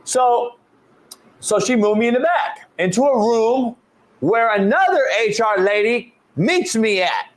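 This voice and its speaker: A middle-aged man hosting a sports talk show, telling a story in a casual, animated way, swearing often and stumbling over repeated words. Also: very high voice, measured pace. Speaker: show host, football coach.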